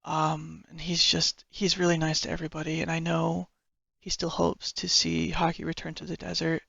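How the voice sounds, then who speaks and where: A woman's voice: low voice, completely flat delivery, moderate pace, creaky, a bit bright, slightly rough, dry recording, highs cut off. A woman who is a hockey fan vlogger, chatting enthusiastically and a bit rambly about players, often correcting herself. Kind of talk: casual fan commentary.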